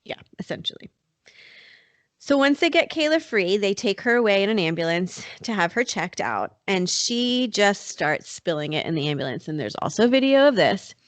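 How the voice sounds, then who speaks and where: A woman's voice: mid-range voice, sing-song, normal speed, dry recording. A woman hosting a true-crime podcast, telling the story in a casual, chatty way with lots of fillers. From North Carolina. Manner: chatty, many fillers like "like" and "you know". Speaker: podcast host.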